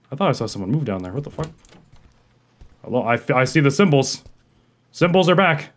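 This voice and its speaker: A man hosting a horror game playthrough, talking to himself in jumpy, profane commentary that swings from muttering to yelling. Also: medium pitch. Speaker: gaming video host.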